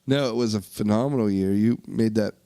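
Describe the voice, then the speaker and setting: A man's voice: on the low side, brisk, dark tone. A man co-hosting a casual podcast, agreeing emphatically and restarting his sentences. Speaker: podcast co-host.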